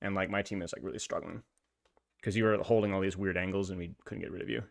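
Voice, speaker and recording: A man's voice: sits low, steady tone, fast, creaky. A man streaming, chatting casually with viewers while gaming, laughing often and using lots of filler words. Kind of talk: casual live-stream chat.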